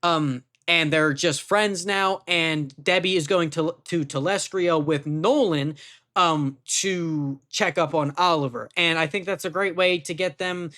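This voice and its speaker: Super hyped tv reviewer, bright ringy voice, swears a lot, keeps saying how good it is. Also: medium pitch, a little slow. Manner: animated and gushing, swears freely, repeats itself. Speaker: TV show reviewer. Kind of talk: casual excited review talk.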